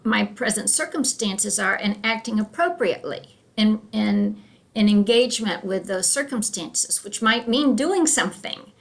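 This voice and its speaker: A woman leading a church adult education class, chatty and self-deprecating, acting out voices as she tells stories. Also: mid-range voice. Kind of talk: classroom talk with anecdotes.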